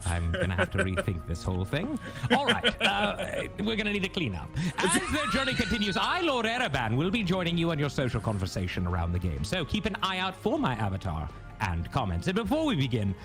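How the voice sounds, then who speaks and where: A man's voice: fairly high pitch, huge pitch swings, a little fast, over music. A man voicing a flamboyant, grandiose male Illithid lord who hosts a tabletop game show, with a theatrical, pompous delivery. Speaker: show host in character.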